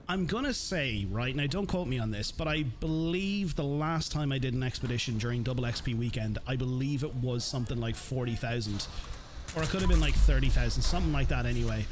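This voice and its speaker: A man's voice: medium pitch, fairly quick, soft background music. A man streaming live gameplay, chatting in a friendly way and greeting his chat by name.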